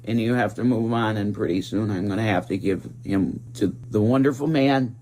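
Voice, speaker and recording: Give me a man with a slightly low voice, telling a dramatic story in earnest. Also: normal speed, a little mellow. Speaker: vlogger. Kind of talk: casual storytelling vlog.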